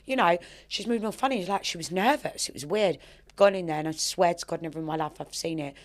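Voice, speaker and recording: A woman with a notably low-pitched voice hosts a relaxed podcast chat. She talks in a chatty, streetwise way, swears freely and calls her guest darling. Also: fast talker. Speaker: podcast host. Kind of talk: casual interview chat.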